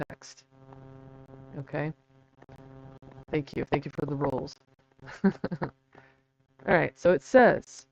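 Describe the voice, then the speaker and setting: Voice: medium pitch, gravelly, muffled recording. A video host in a casual explainer who reads passages aloud, spells words out letter by letter, and makes chatty, self-deprecating asides. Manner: chatty, self-deprecating, chuckles between points.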